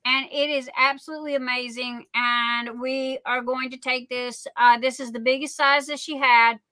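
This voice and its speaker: A middle-aged woman hosting a casual livestream, telling stories in a rambling, excitable way. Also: high voice, normal speed, clean tone. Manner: rambling, excitable, chatty storytelling. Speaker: livestream host.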